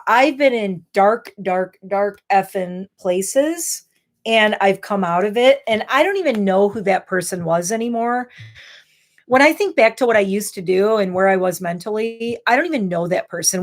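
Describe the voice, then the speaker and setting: This woman in her thirties has a gravelly, medium-pitched voice. She's a little tipsy from wine and rambles candidly through casual chat on a beauty livestream.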